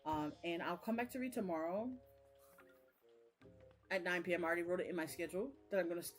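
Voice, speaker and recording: Young woman, book vlogger, rambling and chatty, lower voice, soft music under her. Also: fast. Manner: rambling, chatty, many fillers. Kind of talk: casual live-stream chat.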